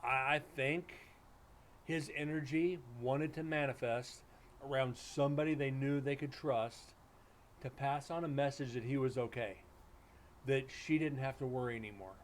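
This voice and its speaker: A middle-aged man recounts a ghost investigation in a loose, chatty way. He restarts sentences often and acts out the back-and-forth dialogue. His voice sits at an ordinary middle pitch. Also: normal speed, a little hiss or hum. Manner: rambling, animated storytelling with many restarts and quoted dialogue. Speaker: paranormal investigator. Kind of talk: casual storytelling on a live stream.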